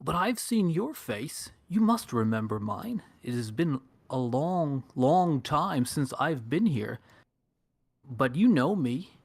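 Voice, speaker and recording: A player playing a solemn, mystical wanderer who speaks slow and formal. The recording is dry and close. His tone is measured and grave. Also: mid-range voice, sing-song, breathy edge, no echo, exaggerated voice. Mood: mysterious. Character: solemn young man back from the wilds.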